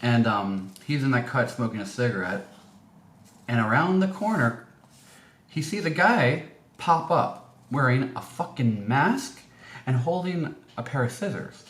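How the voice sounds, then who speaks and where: A man's voice: medium pitch, big pitch swings, a little slow, fairly bright tone. A man telling a story casually as a vlogger, rambling with many fillers and restarts. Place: indoor room. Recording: echoey room, faint noise.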